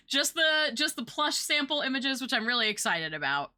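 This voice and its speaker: A woman's voice: sits high, sing-song, unhurried, bright, forceful tone. A young woman streaming, chatting casually with her viewers in a rambling, talkative way and swearing now and then.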